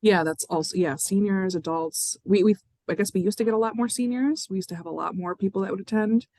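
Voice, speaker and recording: A woman's voice: mid-range voice, fast talker, mellow, no echo. A woman from library staff asking for advice in a roundtable discussion, chatty and filling her talk with "like" and small laughs. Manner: chatty, many "like" fillers, laughs while talking.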